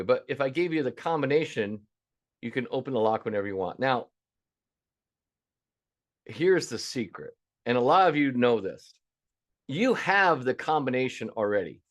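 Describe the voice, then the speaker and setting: A man in his fifties teaching a webinar as a restaurant business coach, folksy and emphatic, acting out the calls he gets. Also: mid-range voice. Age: 50s. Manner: folksy, emphatic, acts out quoted callers.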